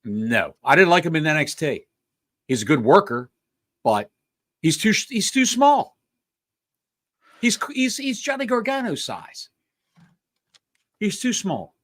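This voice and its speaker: Wisecracking man with a lively voice. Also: fairly high pitch, unhurried, pauses often. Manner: wisecracking, calls people "pal". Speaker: podcast co-host. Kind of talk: casual wrestling chat.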